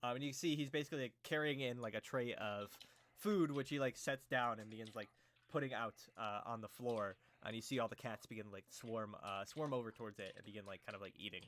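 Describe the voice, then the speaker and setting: A man's voice: mid-range voice, fairly quick, a bit bright. A man running a tabletop game as game master, narrating loosely with many fillers and hesitations.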